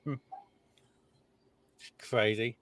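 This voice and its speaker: A man's voice: extremely slow, a bit bright, no room sound. A man co-hosting a podcast, chatting casually about recordings, laughing often and trailing off mid-sentence. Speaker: podcast co-host. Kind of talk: casual chat reacting to recordings.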